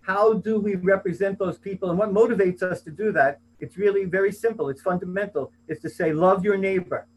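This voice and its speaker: A man giving an earnest, somewhat rushed talk on a video-call panel, raising his voice on quoted lines. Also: sits high, steady tone, a little mellow, breathy edge, rough recording.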